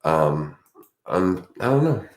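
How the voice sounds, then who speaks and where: A man with a deep, low voice talks in a loose, rambling way, often restarting his sentences as he reflects out loud. His voice rings in a roomy, echoey space. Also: sing-song, slow pace. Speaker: podcast co-host. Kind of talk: casual chat.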